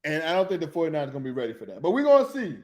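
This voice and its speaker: A man hosting a sports talk show, rambling and excitable, who keeps losing his train of thought. His voice sits high and swoops widely between highs and lows. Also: very fast. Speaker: sports podcast host.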